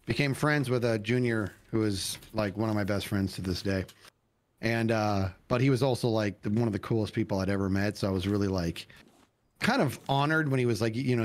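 A man hosting a casual gaming stream, telling a story with acted-out quotes and frequent laughter. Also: on the low side. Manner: animated storyteller who acts out quotes and laughs.

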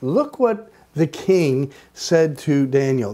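A man teaching a Bible study lesson, retelling the story slowly and deliberately, repeating phrases for emphasis. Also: a little high, big pitch swings, dark tone.

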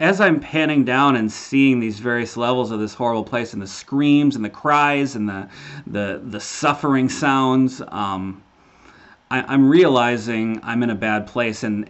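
A man's voice: lowish voice, fairly bright tone. A man giving an earnest personal religious testimony. He stumbles and repeats words often and calls his listeners brothers and sisters. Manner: halting, many repeated words and restarts. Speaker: testimony speaker. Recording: slightly dull lo-fi audio.

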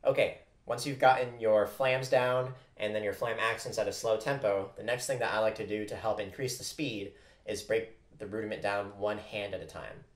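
A man with a lowish voice and fairly even intonation talks at a moderate pace as he teaches percussion. Patiently, he explains flam rudiments and counts off stickings, while loud drumming echoes through the room.

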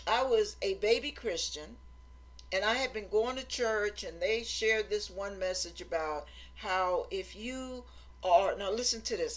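A middle-aged woman giving an informal Christian sermon in an earnest, exhorting way, repeating phrases for emphasis. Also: mid-range voice. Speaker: Christian teacher.

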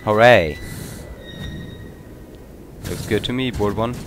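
A man who is a bit sick, giving excitable let's-play commentary and swearing often. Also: lowish voice, slow. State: sick, coughing. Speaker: gamer. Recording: noisy game audio.

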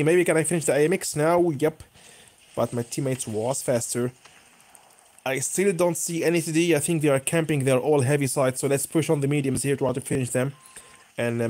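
A man's voice: medium pitch, brisk. A young man commenting live on his own tank gameplay, cheering and groaning as the match goes. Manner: excitable, bursts of cheering and groaning. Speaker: gaming YouTuber.

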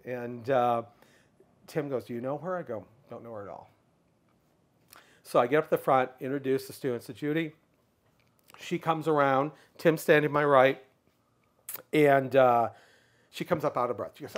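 A middle-aged man telling a long personal story in a casual interview, animated, and briefly raising his voice to act out what others said. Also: normal speed, pauses often. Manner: animated storyteller, acts out others' lines in a raised pitch. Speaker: guest speaker.

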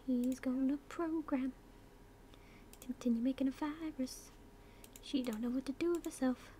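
A woman's voice: sits high, fairly even intonation, normal speed, long pauses, dark tone, slight background noise. A young British woman chatting through a life-sim game as a YouTuber, giving her characters orders, slipping into whispers and silly voices, swearing casually. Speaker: gaming YouTuber. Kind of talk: casual let's-play commentary.

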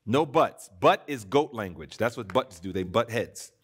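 A man preaching a sermon in church, swinging between emphatic declarations and hushed, earnest appeals. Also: fairly low pitch, animated, measured pace, husky.

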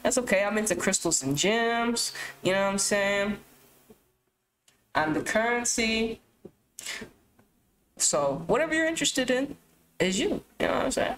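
A young adult woman vlogger talking casually to camera, rambling and swearing, with sudden animated outbursts. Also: medium pitch, a little slow, long pauses, a little hiss or hum, low-quality recording. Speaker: YouTube vlogger.

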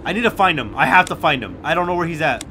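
Loud, animated young man gaming. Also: fairly high pitch, quick pace, slight background noise. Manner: swings from hushed muttering to loud shouting and swearing. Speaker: gaming YouTuber. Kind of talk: live gameplay commentary.

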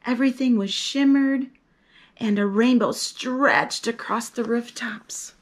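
Lively woman reading a children's story. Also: a little high, slow pace, husky. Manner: lively and expressive, teaching a hand sign and acting out the story's characters. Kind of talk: reading a picture book aloud to children.

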